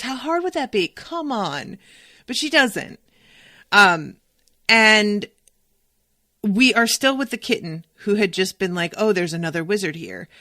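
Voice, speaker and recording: A young adult woman talks through a book on her podcast in a loose, chatty way, cursing now and then. Her pitch swoops around a lot as she goes. The recording is dry and close, with no room sound. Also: dry recording. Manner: chatty, animated, swears freely. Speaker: podcast host. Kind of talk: casual solo book discussion.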